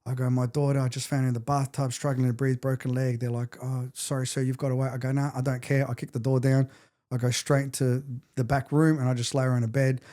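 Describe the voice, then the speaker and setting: A middle-aged man guesting on a podcast speaks fast in a mid-range voice. He delivers an emotional story with intensity, animating it by acting out what people said.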